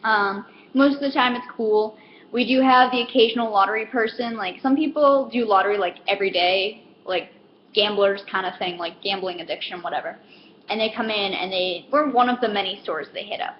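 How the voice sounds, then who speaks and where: A woman's voice: mid-range voice, a little fast, lo-fi sound, a little hiss or hum. A woman who works in retail, rambling through a casual comedic rant with lots of fillers and self-deprecating asides. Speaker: retail store worker.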